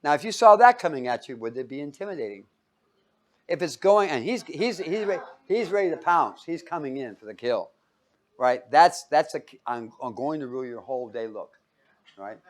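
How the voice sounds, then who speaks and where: A man's voice: fairly high pitch, sing-song, moderate pace. A man preaching in a casual, storytelling way, often chuckling and asking his listeners questions. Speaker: preacher teaching a Bible study. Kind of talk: casual sermon.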